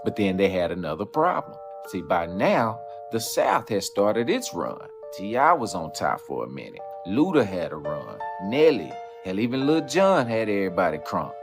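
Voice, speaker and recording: A man with a low voice tells the story in a lively, rising-and-falling way. Music plays clearly behind him. He keeps the listener hooked with rhetorical questions. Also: moderate pace, few pauses. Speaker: commentary narrator. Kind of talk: scripted narration over music. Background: background music.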